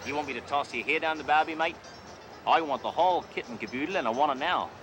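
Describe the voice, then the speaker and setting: An actor playing a cop who poses as a boastful, brash rich Australian car dealer, with a hammy put-on Australian accent and heavy slang. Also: male voice, on the high side, fast talker, fairly bright tone, faint music behind, voice pushed up, lightly acted. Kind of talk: 1980s sitcom acting.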